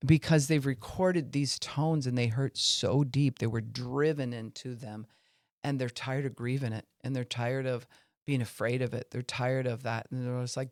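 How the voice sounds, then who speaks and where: A man's voice: medium pitch, moderate pace, dry recording, clean studio sound. A man giving an earnest faith-based teaching talk on a podcast, acting out voices to make his points. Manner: earnest, acts out angry and weary voices to illustrate. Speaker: Christian podcast speaker.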